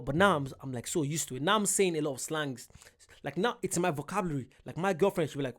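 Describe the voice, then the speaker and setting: Brief: male reaction host, slightly high voice, animated, rambling, self-interrupting. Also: fast talker. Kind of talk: casual reaction chat.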